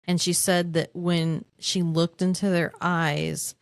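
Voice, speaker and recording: A woman with a low voice retells a story in casual podcast chat, halting and restarting as she goes. Her voice is recorded dry and close, with no room sound around it. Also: flat delivery, vocal fry, smooth, dry recording. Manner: halting, restarts often, recounting a witness story. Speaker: podcast co-host.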